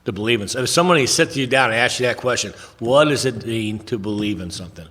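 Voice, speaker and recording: A man's voice: medium pitch, lively intonation, fast, a bit bright, in a large hall. A man speaking at a recovery meeting, telling stories earnestly with repetitions and restarts.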